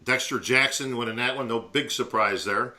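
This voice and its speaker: A man's voice: medium pitch, moderate pace, a crowd in the background. A man co-hosting a podcast, talking casually and laid-back, often saying "bro". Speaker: podcast co-host. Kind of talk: casual chat.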